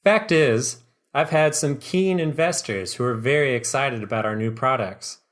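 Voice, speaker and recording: A man's voice: mid-range voice, normal speed, natural voice. A man voicing a pasty, unkempt male company boss who talks in awkward, smarmy sales patter. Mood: smarmy pitch.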